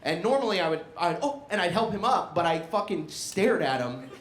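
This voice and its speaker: A man's voice: high-pitched, animated, brisk, fairly bright tone. A young man performing a profane stand-up comedy set, laughing through his punchlines. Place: comedy club in a barbershop. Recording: echoey room with audience noise.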